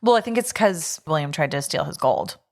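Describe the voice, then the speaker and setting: A woman's voice: deep voice, very animated, fairly quick, darkish tone. A young woman co-hosting a podcast, chatting casually, laughing often and sharing fun facts. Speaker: podcast co-host.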